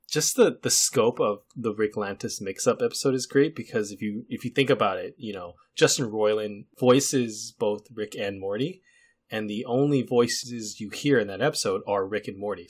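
A man's voice: on the low side, slightly rough. A man co-hosting a podcast, steering a casual chat in an easygoing, chatty way. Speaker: podcast co-host steering the discussion.

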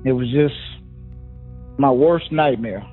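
A man speaks in a halting way over a tinny, phone-like recording, pausing often on fillers. His pitch sits in the middle range, and faint music plays underneath. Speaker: victim's brother. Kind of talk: recounting memories in an interview.

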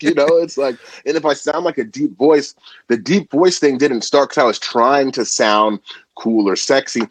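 Husky-voiced man talking with slangy energy. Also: mid-range voice, moderate pace, dry recording. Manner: animated and slangy, full of filler words. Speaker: podcast guest, food content creator. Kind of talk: casual conversation.

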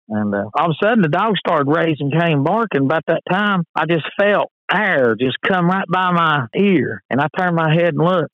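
Man, suspenseful storyteller, slightly high voice, tinny phone-like sound. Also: no room sound. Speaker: podcast guest. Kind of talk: casual storytelling.

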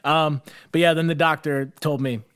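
A young man co-hosting a podcast, telling a rambling story in a crude, joking, animated way. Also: on the high side, moderate pace, clean tone. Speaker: podcast co-host. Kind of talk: casual chat.

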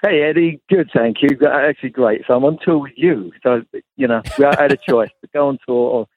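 A man calling in as a guest, chatting in a relaxed, rambling way with many fillers. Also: medium pitch, brisk, husky. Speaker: guest guitarist. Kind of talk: casual interview chat. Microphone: phone call. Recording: tinny phone line.

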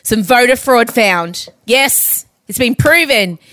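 A woman's voice: on the high side, lively intonation, slow, a bit bright, no room sound. Woman, podcast co-host, chatty, giggly, dry close mic. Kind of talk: casual chat.

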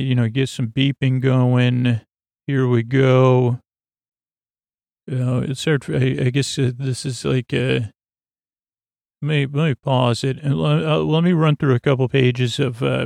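A man with a gravelly, fry-tinged voice drifts through a sleep podcast recap. He talks in a flat, even line, full of fillers and restarts, and wanders off on tangents. He is close to a dry, dead-sounding mic. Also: dry recording. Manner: rambling, full of fillers and self-corrections; low-key, drifting and digressive. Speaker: podcast host.

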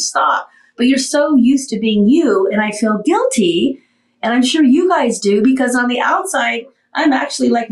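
A woman's voice: fairly high pitch, far from the mic. A woman hosting a talk show, telling her recovery story candidly and animatedly, tired after surgery. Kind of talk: casual talk show chat. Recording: roomy, off-mic sound.

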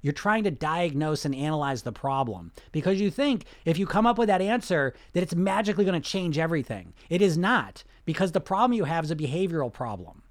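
A man's voice: a little high, big pitch swings, brisk, hardly any pauses. A man talking as a weight loss coach in a casual way, blunt and full of rhetorical questions, often laughing. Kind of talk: casual coaching talk to viewers.

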